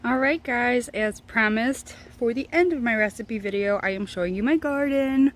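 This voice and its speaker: A woman's voice: a little high, normal speed, rough recording. A young woman chatting casually as she cooks and hosts her own vlog, rambling a little with plenty of ums. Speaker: home cook and channel host. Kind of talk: casual cooking vlog chat.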